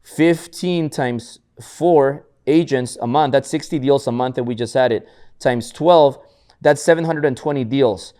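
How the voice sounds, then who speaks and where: A man co-hosting a podcast, telling stories in casual motivational chat, often restarting words and acting out others' lines. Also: medium pitch. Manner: repetitive restarts, animated storytelling. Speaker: podcast co-host.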